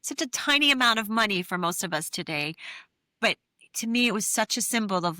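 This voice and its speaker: A woman's voice: mid-range voice, lively intonation, a little fast, sharp tone, no room sound, studio quality. A middle-aged woman, an interview guest, telling a personal story in an earnest, candid way with many fillers. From New England. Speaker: interview guest, therapist and author.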